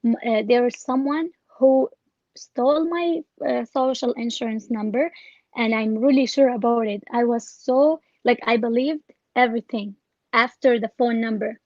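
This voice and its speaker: A woman's voice: a little high, normal speed, a little mellow, no echo, highs cut off. Hesitant woman telling of a scam. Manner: hesitant, many restarts and fillers. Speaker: scam victim interviewee. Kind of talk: recounting her experience in an interview.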